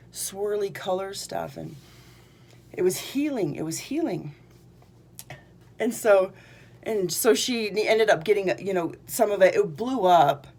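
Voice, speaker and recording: A woman's voice: mid-range voice, gravelly, darkish tone. Bubbly rambling woman healer. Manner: rambling, bubbly, lots of fillers. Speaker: energy healer. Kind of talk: casual talk to camera.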